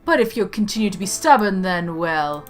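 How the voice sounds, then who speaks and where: A woman voicing a creepy, coercive male professor in a game, speaking in a smooth, hushed, menacing way. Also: mid-range voice, lively intonation, normal speed, faint music behind, natural voice.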